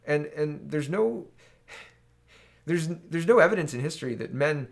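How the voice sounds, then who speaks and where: A man's voice: on the high side, expressive, a little slow, creaky. A man from Canada giving solo political opinion commentary, exasperated and ranting, often tagging his points with "right?".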